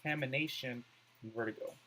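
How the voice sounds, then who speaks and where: A man's voice: medium pitch, fast talker, pushed and bright, slight background noise, rough recording. A man doing let's play commentary, reading on-screen words aloud and musing over his choices.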